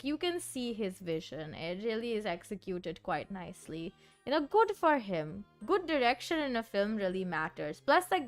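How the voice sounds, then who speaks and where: A young woman streamer chatting casually and rambling, often giggling and saying "like". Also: mid-range voice. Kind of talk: casual chat while composing music. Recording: faint background music. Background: soft background music.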